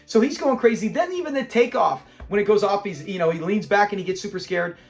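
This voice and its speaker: High-voiced man laughing through a sitcom review. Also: fast talker. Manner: animated, laughs often, acts out lines while retelling scenes. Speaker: show reviewer. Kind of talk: casual episode review.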